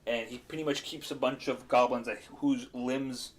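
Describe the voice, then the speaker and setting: A man's voice: mid-range voice, fairly even intonation, normal speed. A man recaps his tabletop campaign on a casual chat stream. He rambles with fillers and laughs, in a mid-range voice. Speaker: game master.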